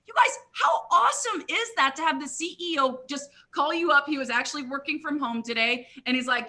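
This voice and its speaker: A middle-aged woman giving a motivational talk at a live company event, energetic and constantly addressing the audience as "you guys.". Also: high voice, normal speed. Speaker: guest speaker, network marketing leader.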